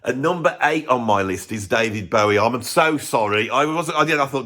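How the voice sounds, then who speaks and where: A man's voice: fairly high pitch, animated, moderate pace, hardly any pauses, a bit bright. A man hosting a music channel, ranting his blunt opinions in casual talk to camera with chuckling asides.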